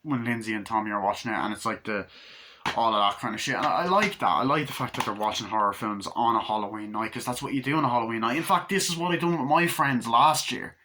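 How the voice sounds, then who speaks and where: Man, casual movie reviewer, bright tone, excitable, swears freely. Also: mid-range voice, fast talker, a little hiss or hum. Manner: excited, rambling, swears a lot, acts out scenes.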